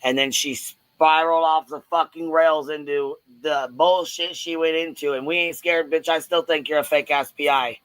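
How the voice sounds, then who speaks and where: A man hosts a live audio panel and rants bluntly, swearing freely and confronting his target head-on. His voice sits a little high for a man. The sound is dry and close. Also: fairly even intonation, normal speed, hardly any pauses, a bit bright, smooth, no echo, rough recording. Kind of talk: heated live-stream rant.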